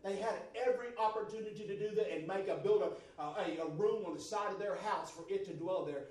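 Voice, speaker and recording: A man preaching a sermon to a congregation, moving from quiet, steady talk to loud, fervent shouting. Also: high-pitched, brisk, recorded from a distance. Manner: builds from soft to shouting fervor. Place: church service. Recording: roomy church sound from off-mic. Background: congregation responses.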